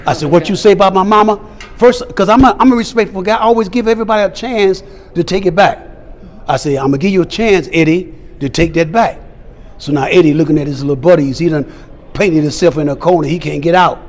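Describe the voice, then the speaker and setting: Older man with a high, emphatic voice. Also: fast, darkish tone. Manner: emphatic, acts out quoted dialogue. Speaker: celebrity guest. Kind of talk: storytelling interview. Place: fan convention.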